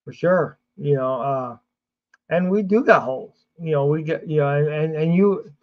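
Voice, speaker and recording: A man's voice: a little high, normal speed, phone-quality sound. A man hosting a casual sports livestream, rambling with fillers and restarts, sleepy and yawning. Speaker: sports show host.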